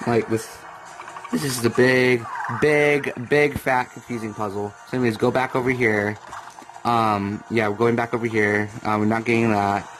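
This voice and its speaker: A young man rambling through casual gameplay commentary, now and then bursting into comic yells. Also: medium pitch, flat delivery, moderate pace, poor audio. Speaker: let's play gamer. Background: video game music.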